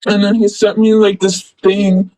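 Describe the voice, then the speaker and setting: A woman's voice: mid-range voice, little pitch movement, a little slow, warm tone, no room sound, poor audio. A young woman telling a story casually, rambling and filling with "like" and "blah, blah.". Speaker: former friend recounting events.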